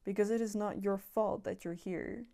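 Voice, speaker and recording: Earnest young woman, warm reassuring voice. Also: medium pitch, fairly even intonation, normal speed. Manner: earnest, reassuring, repetitive, casual swearing. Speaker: self-improvement vlogger. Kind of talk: casual monologue to camera.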